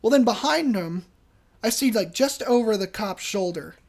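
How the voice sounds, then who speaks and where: A man co-hosting a podcast, telling a job story in an animated way and laughing often. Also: high voice, moderate pace, gravelly. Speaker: podcast co-host. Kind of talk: casual storytelling.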